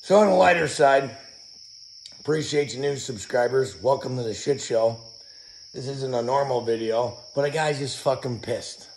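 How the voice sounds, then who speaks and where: A man hosting his own channel, venting outdoors in an angry, profane, shouting rant, his voice hoarse from yelling. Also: medium pitch, moderate pace, slight background noise. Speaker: channel host.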